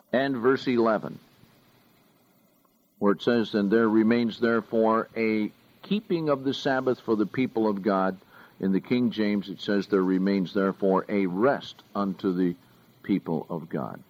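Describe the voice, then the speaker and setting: A man preaching a sermon, reading scripture aloud slowly and with deliberate emphasis. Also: on the low side, darkish tone, muffled recording.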